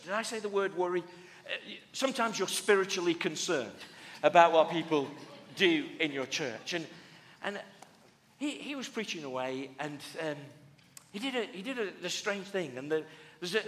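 A man's voice: high-pitched, fairly bright tone. A man, a pastor preaching a conversational sermon with restarts and light humorous asides. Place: church hall. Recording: long reverb of a church hall.

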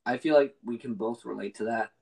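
A man's voice: mid-range voice, fairly quick, vocal fry, a crowd in the background. A young man hosting a podcast in casual chat, rambling with fillers and restarts. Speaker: podcast host.

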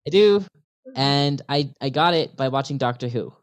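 A man's voice: mid-range voice, lively intonation, moderate pace. A man with an American accent, an interview guest in casual conversation, upbeat and repeating phrases to help a learner follow. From United States.

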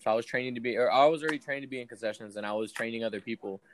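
Young guy yapping a work story, swears a ton, gets loud and animated. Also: mid-range voice, rapid-fire. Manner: animated, swears a lot, acts out quotes. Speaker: podcast co-host. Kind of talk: casual storytelling chat.

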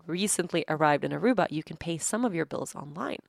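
A woman's voice: lowish voice, fairly quick, vocal fry, few pauses, no echo, studio quality. A woman in her thirties hosting a podcast, telling a story casually in a chatty, exasperated way with lots of fillers. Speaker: podcast host.

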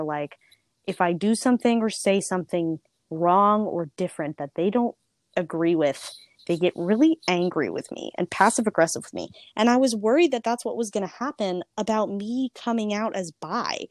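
A young woman tells her own story in a lively, rambling way, full of fillers and voices for the people she quotes. Her voice is fairly low. The recording is dry and close. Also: normal speed, dry recording. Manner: chatty, frequent "like" fillers. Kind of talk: personal storytelling.

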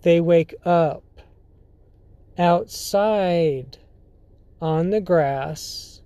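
Unhurried and stumbling, with plenty of fillers and sentences that start over, a podcast host spins a casual story. The medium-pitched voice sounds mellow, dark and clean, captured dry and close with no room or echo.

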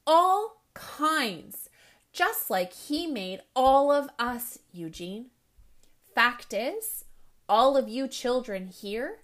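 A woman voicing a kind, calm male school principal who speaks quietly and patiently in a storybook reading. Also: sits high, pitched above the performer's own voice, full character voice.

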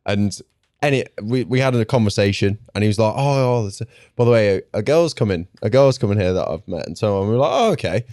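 A man's voice: lowish voice, fast, no room sound, studio quality. A man hosting a podcast, telling stories in casual chat and acting out what people said. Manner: animated storyteller, acts out quotes. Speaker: podcast host.

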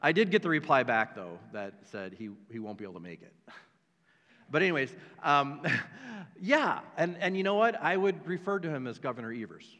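A man's voice: fairly high pitch, big pitch swings, moderate pace, a bit bright. A man preaching a sermon as a pastor, emphatic and repetitive, with joking asides to the congregation. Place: church sanctuary. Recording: long hall reverb.

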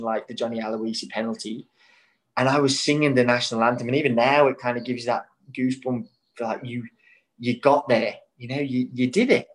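Footballer with a Scouse-like Irish-Australian mix. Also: male voice, mid-range voice, rough recording. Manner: rambling, many restarts, spirited. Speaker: national team footballer, guest. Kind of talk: casual interview chat.

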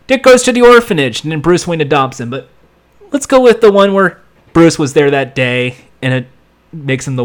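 A man giving a casual, sarcastic recap of a TV episode, rambling and throwing in sound effects and quick impressions. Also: a little high. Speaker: show reviewer.

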